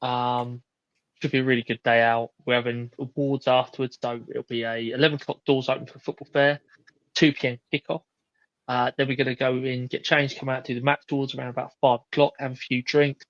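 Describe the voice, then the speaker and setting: A man's voice: mid-range voice, little pitch movement, a little fast, fairly bright tone, no echo, highs cut off. A man hosting a podcast in casual chat, laid-back and freely swearing as he rambles. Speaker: podcast host.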